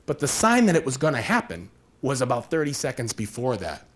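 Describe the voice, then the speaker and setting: A man talking to a room as a workshop presenter, his voice rising and falling in a lively way. He keeps it casual and animated, slipping into quick acted-out exchanges to make a point. His pitch sits in an ordinary middle range. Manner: animated and conversational, acts out little scenes. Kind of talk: live workshop talk.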